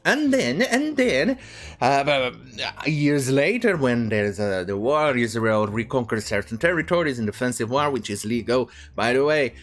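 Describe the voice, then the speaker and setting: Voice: mid-range voice, animated, a little slow. A commentator delivering an opinionated news rant, full of asides and restarts. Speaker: online commentator.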